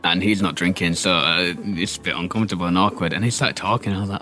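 Very deep man, candid story. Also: steady tone, fast, pushed and bright, soft background music. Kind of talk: casual storytelling.

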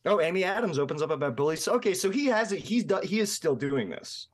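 A podcast co-host chatting in an excited, rambling way. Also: male voice, sits high, fast. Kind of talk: casual chat.

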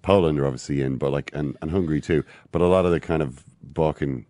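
A man from Ireland giving football opinions on a podcast, halting with many "uh"s and a dry wit. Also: very deep voice, mellow, no echo. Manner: hesitant, full of "uh" and "um", dry wit. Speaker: football pundit. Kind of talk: casual football chat.

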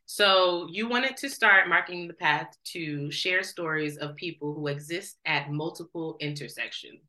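Podcast host lady, bright tense voice, lowish pitch, talks in gushing run-ons. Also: measured pace. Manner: chatty, effusive, says "like" a lot. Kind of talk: casual interview chat.

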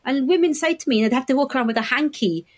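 A woman's voice: sits high, fast. Chatty woman in midlife. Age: middle-aged. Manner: chatty, animated storyteller who laughs easily. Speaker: optometrist guest. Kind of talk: casual interview chat.

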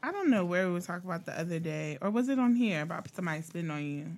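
A young woman co-hosting a podcast, teasing and quick to laugh in casual chat. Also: on the low side, very animated. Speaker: podcast co-host.

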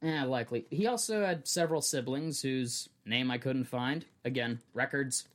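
A man's voice: mid-range voice, moderate pace. A young adult man hosting a podcast, telling a true story in a chatty way with frequent restarts. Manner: chatty, restarts often, laughs along. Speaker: podcast host.

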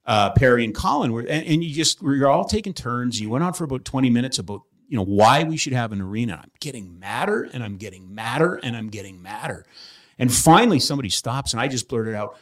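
A middle-aged man hosting a podcast in a studio, telling animated stories and laughing often. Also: medium pitch, fast talker. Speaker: podcast host. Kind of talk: casual studio chat.

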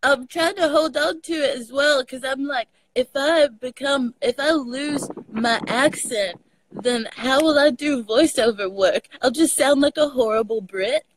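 Slight background noise sits behind a high, unhurried woman's voice. A guest on a casual video call, she's a Texan with a Southern drawl who tells animated stories and laughs plenty.

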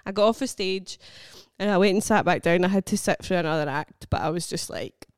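A woman's voice: fairly low pitch, fairly quick, smooth, dry recording. Scottish woman, young stand-up, self-mocking and giggly, dead dry studio sound. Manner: laughing, self-deprecating storytelling. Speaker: comedian. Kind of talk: casual podcast chat.

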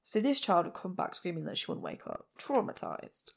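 Gravelly woman telling a crime story. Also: on the low side, wildly swooping pitch, normal speed, a little hiss or hum. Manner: plain-spoken, blunt asides while recounting a case. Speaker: podcast host. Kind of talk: true crime podcast storytelling.

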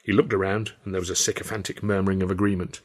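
A man's voice: sits low, level tone, racing. Man reading a story aloud, dry and wry. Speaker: author and reader. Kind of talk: audiobook narration.

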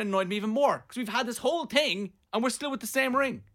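Animated Irish man telling a story. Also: very high-pitched. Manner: rapid storytelling with acted-out quotes. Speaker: radio show co-host. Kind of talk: casual chat, animated storytelling.

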